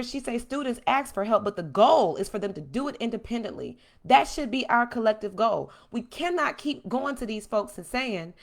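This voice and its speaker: A woman hosting a livestream from home, speaking with passion and answering viewer comments. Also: a little high. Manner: impassioned, animated, reads and answers viewer comments. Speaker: host.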